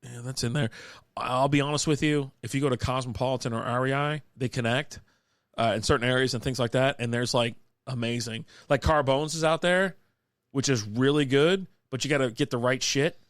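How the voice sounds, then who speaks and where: A man's voice: mid-range voice, fairly even intonation, a little fast, no echo. Rambling, swearing male co-host, dry sound. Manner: rambling, swears freely, laughs often. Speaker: podcast co-host. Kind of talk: casual live-stream chat.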